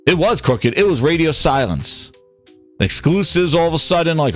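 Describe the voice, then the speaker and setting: A man hosting a gaming news livestream, ranting in an excitable, profane and mocking way. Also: a little high, a little fast, faint music behind. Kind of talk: livestream rant.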